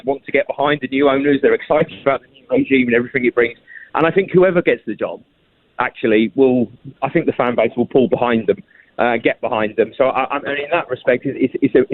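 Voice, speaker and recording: A football journalist talking as a guest in a radio phone interview, speaking quickly with many restarts and repeated words. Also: male voice, mid-range voice, no echo. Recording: tinny phone line.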